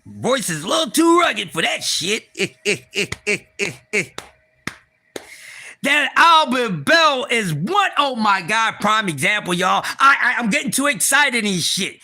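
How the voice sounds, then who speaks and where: A man hosting a casual livestream, excitable and profane, talking straight to his viewers and often repeating and restarting. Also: sits high, slow pace. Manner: excitable, profane, talks to chat. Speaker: livestream host.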